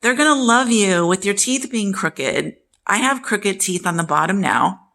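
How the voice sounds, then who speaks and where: A woman's voice: medium pitch, gravelly, sharp tone. A woman in her sixties, talking candidly and emphatically to her viewers about family and self-worth. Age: 60s. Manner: candid and emphatic, acting out quoted relatives. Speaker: vlogger. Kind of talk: personal storytelling to camera.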